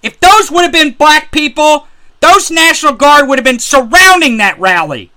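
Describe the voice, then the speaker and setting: Ranting man commentator, high, sharp-toned voice, heated and profane. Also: lively intonation, moderate pace. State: angry. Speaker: political commentator. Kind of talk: angry political rant.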